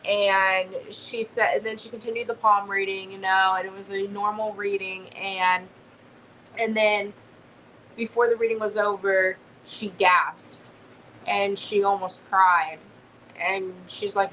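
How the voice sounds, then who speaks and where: A woman's voice: medium pitch, measured pace, a little hiss or hum, rough recording. A young woman, telling a story as a guest in a casual chat. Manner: animated storyteller, swears casually.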